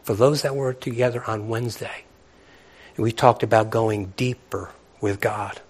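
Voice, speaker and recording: A man's voice: lowish voice, fairly even intonation, moderate pace, a little mellow, husky. A man preaching a sermon to his congregation, fervent and repetitive, with playful asides to listeners. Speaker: pastor.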